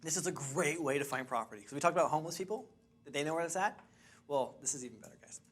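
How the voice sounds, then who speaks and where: A man's voice: on the high side, very fast, husky. Chatty man teaching a class. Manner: animated, chatty, restarts and laughs. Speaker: real estate investing trainer. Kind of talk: lively storytelling to a class.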